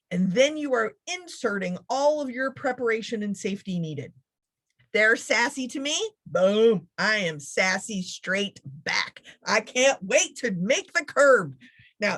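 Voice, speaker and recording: A woman giving a motivational keynote talk, speaking in a sarcastic, funny, animated way. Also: mid-range voice.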